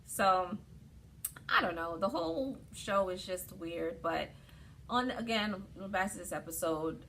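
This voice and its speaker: A woman co-hosting a casual chat, telling stories in an animated, opinionated way. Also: on the low side, slow pace, creaky, slight background noise. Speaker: podcast co-host.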